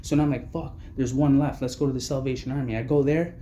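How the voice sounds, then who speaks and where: Speaking quickly in a steady, dark-toned, medium-pitched voice, a Canadian vlogger tells the story of his homelessness. His account is blunt, agitated and full of swearing, captured with a roomy sound and a little hiss or hum.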